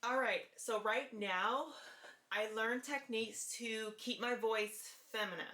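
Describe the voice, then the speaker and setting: A woman talking to camera in a casual vlog, with a light, forward-placed voice and an earnest, deliberate way of repeating her key points. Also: mid-range voice, bright, forceful tone, reverberant. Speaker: vlogger sharing voice therapy progress.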